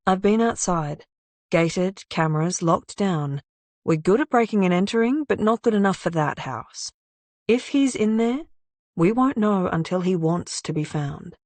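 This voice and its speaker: A woman's voice: lowish voice, animated, unhurried, a little mellow, no room sound. A woman reading the part of a wry young woman investigator in an audiobook, speaking dryly and pointedly. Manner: dry, frustrated, pointed.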